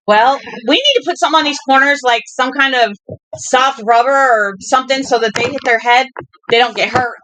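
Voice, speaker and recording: A woman's voice: moderate pace, background noise. A woman reading a novel aloud at home who often breaks into chatty talk with the people and dogs around her. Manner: chatty, talks to her dogs in a high baby voice. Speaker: audiobook reader and channel host.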